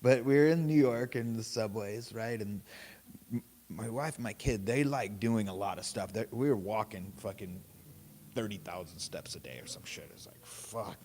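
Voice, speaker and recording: A man leading a meditation group, telling a story in a relaxed, casual way, swearing freely and laughing often. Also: fairly low pitch, normal speed. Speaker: meditation teacher. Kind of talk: casual dharma talk.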